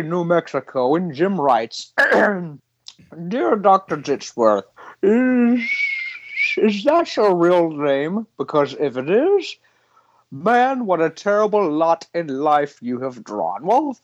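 A man voicing a pompous doctor who hosts a podcast and reads listener mail slowly and stiffly. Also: high-pitched, very animated, no echo, dull audio, heavily acted. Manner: slow, stiff and offended. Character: pompous prissy male doctor hosting his own podcast.

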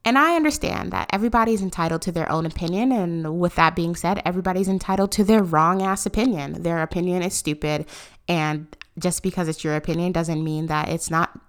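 A young woman in her twenties hosts a solo podcast with a slightly low-pitched voice. She talks in a sarcastic, incredulous rant and keeps her delivery animated. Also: a little fast, clean tone. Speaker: podcast host.

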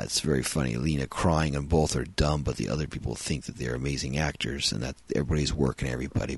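A man's voice: extremely low pitch, gravelly, fairly bright tone, husky, no echo. A man hosting a podcast, reviewing a film in a rambling, casual way with frequent ums and uhs.

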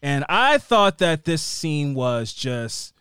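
A young adult man on a podcast, chatting casually through a TV episode with a lively, swooping voice pitched a little high. His rambling, animated storytelling is recorded close and dry. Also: slow, smooth, no room sound. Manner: animated, rambling storyteller who acts out scenes. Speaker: podcast co-host recapping a TV episode. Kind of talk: casual recap chat.

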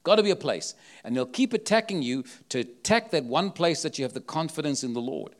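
A man's voice: on the high side, lively intonation, fairly quick, hardly any pauses. A man with an accent preaching a sermon, emphatic and full of rhetorical questions. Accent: non-local accent.

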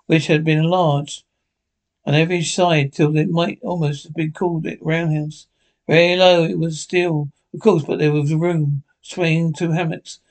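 A man reading a classic adventure novel aloud as an audiobook narrator, with an even manner and occasional restarts. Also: a little high, gravelly, rough recording. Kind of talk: storybook narration.

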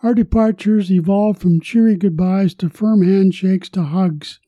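An older man hosting a podcast about retirement, reading a scripted personal story in a measured, formal way. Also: high-pitched, steady tone, dark tone, dry recording, lo-fi sound.

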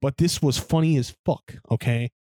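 A man's voice: mid-range voice, moderate pace, dark tone, dry recording, clean studio sound. A young man co-hosting a podcast, telling stories in a rambling, profane way and laughing along as he talks. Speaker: podcast co-host. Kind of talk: casual chat.

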